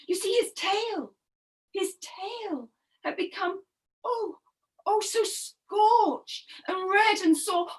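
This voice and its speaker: A woman storyteller telling a story to young children, expressive and animated, asking them questions as she goes. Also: extremely high pitch, slow pace.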